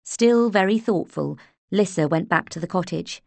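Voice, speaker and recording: A woman narrating an audiobook in a measured, unhurried way, close to the mic. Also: lowish voice, gravelly, no room sound. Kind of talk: scripted narration.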